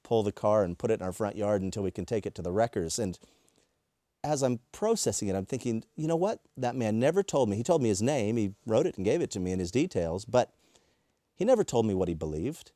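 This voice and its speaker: A man, a preacher, telling a personal story in a lively way and acting out what people said. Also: fairly low pitch, fairly quick, dry recording, clean studio sound. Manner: lively retelling with acted-out quotes. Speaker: preacher and workshop presenter.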